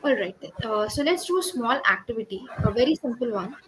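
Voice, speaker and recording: A woman's voice: fairly high pitch, animated, brisk, fairly bright tone, slight background noise, poor audio. Indian woman tutoring on a video call. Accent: Indian English. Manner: encouraging, explains step by step. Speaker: English speaking tutor. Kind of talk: online speaking lesson.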